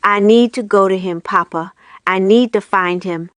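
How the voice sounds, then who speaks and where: A woman's voice: mid-range voice, moderate pace, clean tone, dry recording, natural voice. A woman voicing an earnest, naive grown man raised by elves, speaking sincerely in a storybook. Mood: tearful. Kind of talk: storybook reading.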